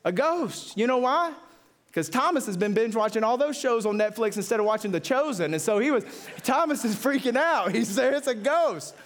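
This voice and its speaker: A man pastor preaching a sermon with passion, repeating phrases and rising to excited peaks. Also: fairly quick. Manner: impassioned, repetitive, builds to excited high-pitched peaks.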